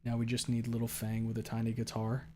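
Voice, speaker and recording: A man's voice: fairly quick, a little hiss or hum. Rambling young man streamer, joking around. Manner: jokey and rambling, swings between loud excited bursts and low mumbled asides. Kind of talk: casual chat reading out viewer messages.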